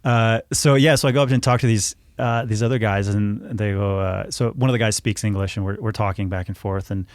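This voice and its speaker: A man's voice: on the low side, steady tone, a little fast, few pauses, no echo, clean studio sound. A man in his thirties, a podcast guest telling a casual story with lots of restarts and self-corrections. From United States.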